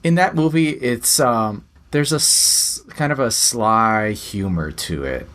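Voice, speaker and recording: A man's voice: medium pitch, expressive, takes it slowly, a bit bright. A man co-hosting a podcast about films, speaking in a candid, laid-back way and hedging his opinions. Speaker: podcast co-host. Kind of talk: casual film-discussion chat.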